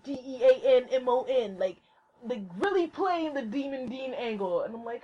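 Excitable woman podcaster, fairly high voice, swears freely, squeals when thrilled; muffled laptop recording with hum. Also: normal speed, breathy edge. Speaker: podcast host. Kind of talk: solo casual podcast rant. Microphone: laptop mic.

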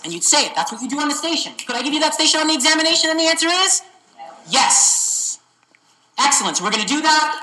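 An energetic woman tutoring for a medical exam, keeps asking the class whether they follow. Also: on the high side, poor audio. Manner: energetic, keeps checking understanding. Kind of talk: interactive teaching session.

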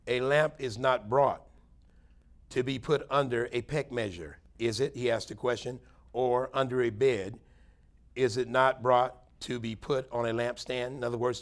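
A male pastor delivers a plain-spoken Bible teaching sermon. He talks to his church in an earnest, conversational way and now and then pushes a line out with emphasis. His voice sits at an ordinary middle pitch. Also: steady tone, unhurried. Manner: earnest, conversational preaching, rising to emphatic stresses.

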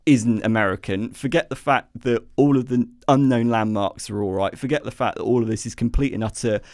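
A man's voice: medium pitch, brisk, a little mellow, no echo, clean studio sound. A man co-hosting a podcast, sarcastically tearing into a movie with lots of ums and restarts. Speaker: podcast co-host. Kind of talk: casual film review chat.

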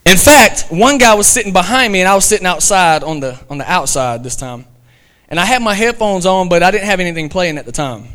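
A man's voice: high-pitched, animated, brisk, pushed and bright. A man, a pastor telling a story in his sermon and building to emphatic preaching. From American South.

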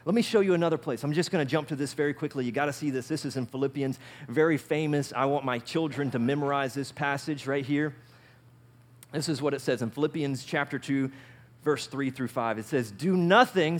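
A male pastor preaching a sermon in an animated way, often asking his listeners questions. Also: fairly high pitch. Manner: animated, asks the audience questions.

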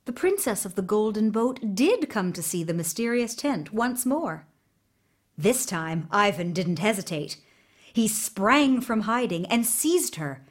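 A woman reading a fairy tale aloud with slow, expressive narration. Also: medium pitch. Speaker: storyteller. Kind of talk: storybook read-aloud.

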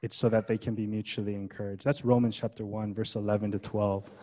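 A man's voice: on the low side, little pitch movement, fast, dark tone, slight background noise. A man preaching a sermon as pastor, in a casual, conversational way full of rhetorical questions. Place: church gathering.

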